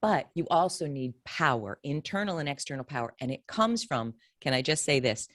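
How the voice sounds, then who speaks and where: A woman podcast host and career coach speaks with a low voice and a lot of conviction, stacking her points one after another. Her sound is close and dry, with almost no room around it. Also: animated, normal speed, dry recording. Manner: enthusiastic, emphatic, builds points in lists. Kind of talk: interview conversation.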